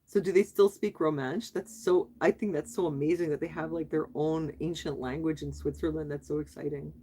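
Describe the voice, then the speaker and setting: A woman's voice: low voice, fairly even intonation, brisk, mellow, a little hiss or hum. A middle-aged woman hosting a casual livestream, chatting with viewers and reading their comments aloud, asking questions back and laughing often. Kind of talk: casual live chat.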